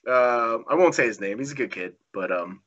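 Animated man telling a wrestling story. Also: medium pitch, moderate pace, dull audio. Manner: animated storyteller, swearing, acting out quoted dialogue. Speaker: guest wrestler. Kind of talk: casual storytelling chat.

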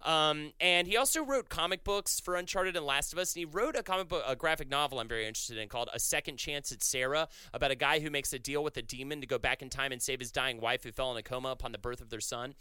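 Male podcast co-host, bright and clean, eager rambling delivery, dry sound. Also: mid-range voice, fast talker, hardly any pauses, smooth, no room sound. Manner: enthusiastic, rambling, many restarts. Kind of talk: casual chat.

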